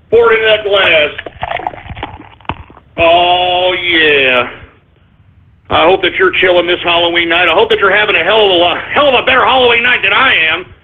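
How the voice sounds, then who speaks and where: A man hosting a live internet radio show rants in exasperation, cursing and stammering through restarts while calling his listeners folks. His voice is high-pitched at a moderate pace, with background noise on a tinny, phone-like internet radio stream.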